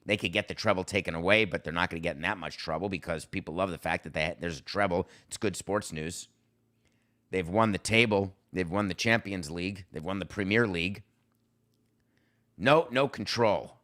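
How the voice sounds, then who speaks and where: A man hosting a sports podcast, delivering a sarcastic, animated, worked-up opinion monologue. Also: low voice. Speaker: podcast host.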